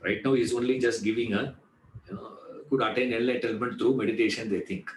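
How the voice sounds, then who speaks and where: A man lectures at a middle pitch, talking in a loose, conversational way. He often asks his class a question and then answers it himself. His voice carries a roomy echo. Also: fairly even intonation, fairly quick, slight background noise. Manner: conversational, repeats "you know", asks rhetorical questions and answers them. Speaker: Vedanta teacher.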